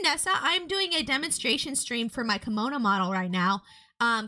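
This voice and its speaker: A woman's voice: a little high, sharp tone. A woman streaming live as a VTuber artist, chatting casually with viewers while she shows off a model. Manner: chatty, rambling, greets chat viewers.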